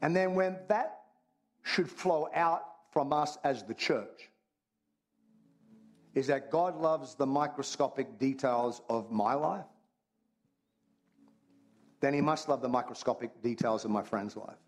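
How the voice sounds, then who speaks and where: Man preaching a lively, joking sermon. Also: mid-range voice, takes it slowly, pauses often. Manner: conversational and humorous, repeats phrases. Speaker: pastor.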